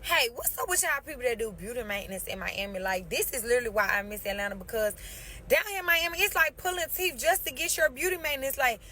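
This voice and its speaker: A woman vents straight to camera in a fed-up, slangy rant. Her voice is high and bright, with a sharp edge. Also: expressive, quick pace, slight background noise. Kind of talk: casual venting to camera.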